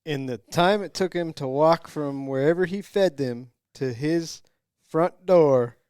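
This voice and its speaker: Man co-host, dry close mic, wry questions and deadpan quips. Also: a little high, unhurried, clear, resonant tone, no echo. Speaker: podcast co-host. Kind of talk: casual chat.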